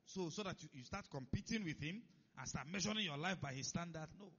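A man's voice: high-pitched, lively intonation, quick pace, a bit bright, husky. A man preaching a sermon, who keeps stopping to check that his listeners are following. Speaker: pastor. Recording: dull lo-fi recording.

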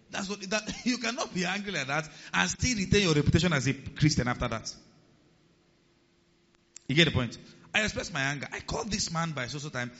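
A pastor, his voice sitting a bit high for a man, preaches with animated swings between loud emphasis and hushed asides. He keeps checking in with his congregation. The sound carries a long hall reverb and a slightly dull, muffled tone. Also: a little fast. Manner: animated preaching, rising and dropping in loudness, asks the congregation questions. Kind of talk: sermon.

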